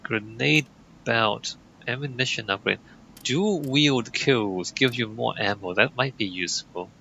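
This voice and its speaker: A man's voice: medium pitch, unhurried, gravelly, sharp tone, lo-fi sound. Young male let's-player, laid-back and jokey, faint hiss behind. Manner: casual, joking, reads text aloud. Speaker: gaming channel host. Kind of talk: let's play commentary.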